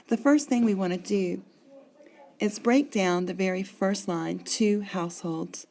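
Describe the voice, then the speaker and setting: Woman teacher, lecture delivery, methodical and explanatory, lowish gravelly voice. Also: a little mellow. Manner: explains step by step, marking syllables. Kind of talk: classroom lecture.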